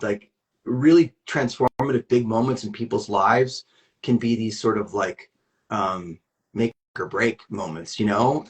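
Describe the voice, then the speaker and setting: A man speaking candidly as an interview guest, earnest and rambling, with many restarts and fillers. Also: mid-range voice.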